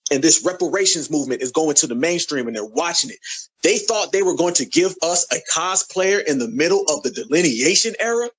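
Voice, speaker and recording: A man's voice: sits high, fairly bright tone. A man hosting an audio chat room, hyping up speakers and urging people to talk. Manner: hyped, call-and-response, urging others to speak. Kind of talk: casual hype talk.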